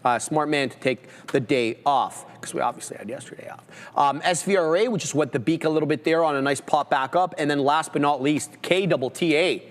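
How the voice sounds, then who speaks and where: Male trading-stream host, steady jargon-heavy commentary, a touch high, reverb on the voice. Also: fairly quick, few pauses. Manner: steady technical play-by-play with jargon. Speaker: host trader. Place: studio, livestream.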